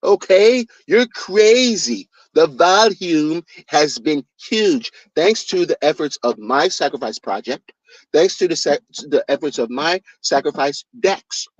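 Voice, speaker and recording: A man's voice: animated, measured pace, no room sound. A man putting on the voice of a boastful, condescending male crypto founder who talks down to a critic. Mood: smug, scornful. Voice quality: low, mocking, self-important. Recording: dull dry lo-fi recording.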